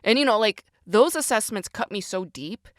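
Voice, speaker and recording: A woman's voice: mid-range voice, lively intonation, moderate pace, no echo, studio quality. A woman hosting a podcast, talking candidly and emphatically, swearing freely and questioning herself as she goes. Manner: profane, emphatic ranting; confessional and self-questioning. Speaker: podcast host.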